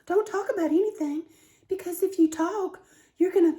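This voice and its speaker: A woman's voice: very high-pitched, normal speed, mellow, voice pushed up. Woman mimicking a strained, tight-voiced older woman. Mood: strained denial. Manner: brittle, insisting all is fine. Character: older woman, tense, bottling up pain.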